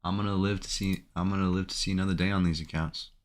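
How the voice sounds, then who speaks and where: A man with a somewhat low voice talks through his trades live as he makes them. His commentary is anxious and emotional, and he keeps talking to himself. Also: little pitch movement, fast. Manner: anxious, emotional self-talk. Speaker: day trader streaming his trading.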